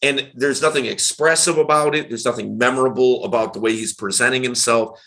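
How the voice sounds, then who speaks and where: A man, a dating coach and podcast host, talking in a casual chat with an animated, emphatic delivery. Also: medium pitch, fairly quick, gravelly. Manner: animated, emphatic, varied tonality.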